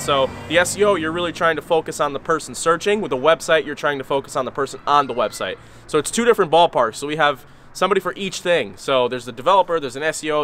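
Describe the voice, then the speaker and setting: Man, rapid businesslike talk, somewhat high voice, traffic noise outside. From born in Brazil, raised in Connecticut. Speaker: digital agency owner. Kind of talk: casual interview talk. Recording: outdoor street noise behind the voice.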